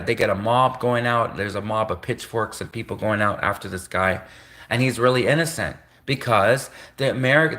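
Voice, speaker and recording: Rambling livestreaming man, bright tone. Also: mid-range voice. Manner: rambling, repetitive, conspiratorial, self-interrupting. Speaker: livestream host. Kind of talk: rambling live-stream monologue. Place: home live stream.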